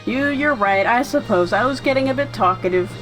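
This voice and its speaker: A woman voicing an anxious, earnest young man who talks a lot to calm his nerves. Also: on the high side, brisk, faint music behind, rough recording.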